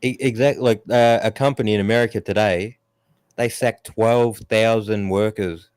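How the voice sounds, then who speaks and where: Blunt, swearing man, low voice. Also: steady tone, normal speed, a little mellow, clear, resonant tone, dry recording. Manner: blunt and heavily profane, ranting; mocks others in raised put-on voices. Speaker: streamer. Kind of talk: casual chat.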